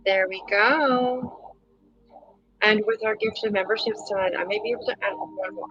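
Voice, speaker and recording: A woman's voice: mid-range voice, steady tone, normal speed, fairly bright tone, lo-fi sound. A middle-aged woman hosting a casual livestream, chatting loosely with viewers, rambling with lots of fillers and frequent laughs. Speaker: livestream host.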